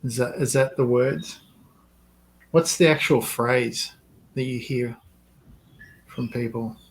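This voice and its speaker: Workshop leader, male, mid-pitched, reflective explainer in a relaxed group talk. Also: slow pace, low-quality recording. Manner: reflective, explaining, laughs easily. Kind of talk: group discussion.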